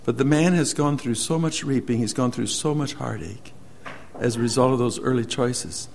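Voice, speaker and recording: A man preaching a sermon as an earnest storyteller, moving between loud emphasis and hushed, slowed lines. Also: mid-range voice, creaky, a little hiss or hum.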